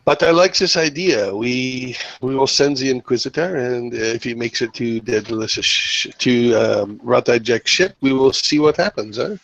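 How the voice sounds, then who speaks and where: A man voicing a male ship captain, halting and full of fillers. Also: mid-range voice, gravelly, a bit bright, no room sound. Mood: earnest. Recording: muffled lo-fi recording.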